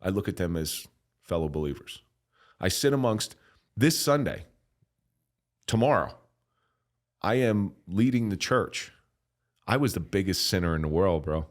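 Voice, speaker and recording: Middle-aged man, low voice, podcast guest, animated and profane, preachy storyteller. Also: a little slow, long pauses. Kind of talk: casual storytelling.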